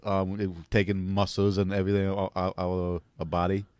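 A man with a fairly low voice talks casually on a podcast. He is earnest and often stumbles over his words. The sound is dry and close. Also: monotone, brisk, darkish tone, smooth, dry recording. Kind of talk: casual chat.

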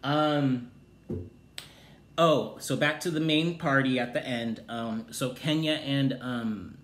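A man giving a sassy, profane recap of a reality show, with loud exclaimed outbursts. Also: mid-range voice, slow. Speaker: TV recap host. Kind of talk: casual review commentary. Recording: roomy echoey room.

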